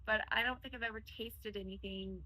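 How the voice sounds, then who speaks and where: A young woman with a bright voice chats casually with her husband. She talks loosely and pads her sentences with frequent "like" and "um.". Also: mid-range voice, fairly even intonation, fairly quick, poor audio. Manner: chatty, many "like" and "um" fillers. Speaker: guest, host's wife. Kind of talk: casual conversation.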